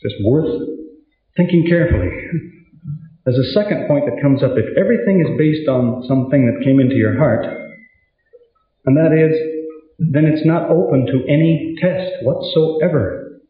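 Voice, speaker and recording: A man gives a conversational lecture and tells stories, slipping into the voices of the people in them. His pitch swings widely from phrase to phrase. The sound is thin and tinny, with heavy echo from a big hall. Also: lively intonation, moderate pace, pauses often. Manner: storytelling, acts out both sides of dialogues. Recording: tinny, very echoey hall recording.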